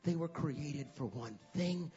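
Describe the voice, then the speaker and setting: A male preacher giving a sermon, swinging from hushed passages to loud, fervent ones. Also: a little high, animated, takes it slowly, highs cut off.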